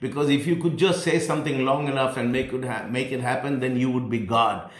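A man preaching a sermon, emphatic and repeating key phrases, slowing down to stress points. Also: mid-range voice, fairly even intonation. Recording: echoey room.

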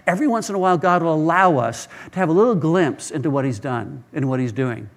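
A man's voice: on the high side, fast. A male pastor preaching a sermon, telling stories earnestly and often repeating words as he starts a phrase.

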